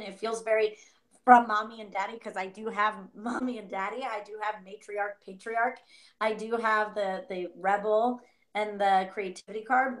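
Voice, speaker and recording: Animated woman reading tarot. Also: on the high side. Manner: animated, acts out inner voices, laughs often. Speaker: tarot reader co-host. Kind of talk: casual spiritual reading chat.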